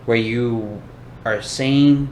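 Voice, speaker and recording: A man's voice: mid-range voice, steady tone, drawn-out words, a little mellow. A young man co-hosting a podcast, talking about faith in a casual, loose way with slang. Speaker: podcast co-host. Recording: echoey room with faint noise.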